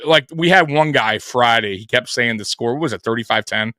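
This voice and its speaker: A man's voice: medium pitch, brisk, pushed and bright, no room sound, studio quality. A man co-hosting a live sports show, talking casually, profane and rambling.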